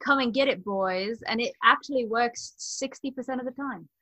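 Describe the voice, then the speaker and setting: A woman's voice: on the high side, moderate pace, pushed and bright, rough recording. A woman voicing an eccentric, oblivious female ex-actress who rambles earnestly in an improvised comedy podcast. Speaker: co-host.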